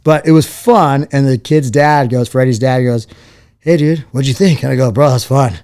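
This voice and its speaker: A man tells his story loosely and casually as a guest. He plays out the voices of the people in his stories, and his pitch rises and falls as he does. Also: normal speed. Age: 40s. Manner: animated storyteller acting out quoted voices. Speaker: interview guest, former fighter.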